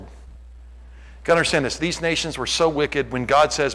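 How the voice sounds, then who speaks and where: A man preaching a sermon, joking with the congregation and acting out what people say, rising to near-shouts. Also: medium pitch, normal speed, poor audio. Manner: animated, jokey, acts out quotes, shouts at peaks. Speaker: pastor.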